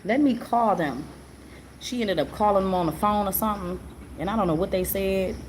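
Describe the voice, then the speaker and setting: A woman's voice: medium pitch, steady tone, fast talker. A woman telling a personal story in a casual way, earnest and repetitive, often checking in with the listener. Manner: earnest and repetitive, often asks the listener "you know what I'm saying?". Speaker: live stream host. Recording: noticeable background noise.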